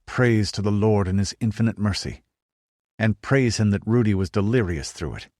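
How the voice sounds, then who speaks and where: A man voicing a calm, devout male priest and healer who speaks soothingly. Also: fairly low pitch, normal speed, no room sound, clean studio sound, lightly acted.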